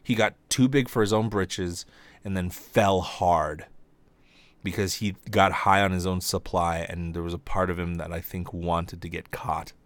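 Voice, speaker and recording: A young man hosting a comedy podcast, ranting casually and profanely, his voice jumping high when he gets exasperated. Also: fairly even intonation, unhurried, dry recording.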